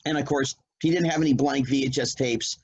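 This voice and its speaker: Speaking fairly quickly at a medium pitch, a middle-aged man from New Jersey who used to act as a child relates a story in a relaxed chat, performing each character's lines. His tone is slightly rough and the audio is dull.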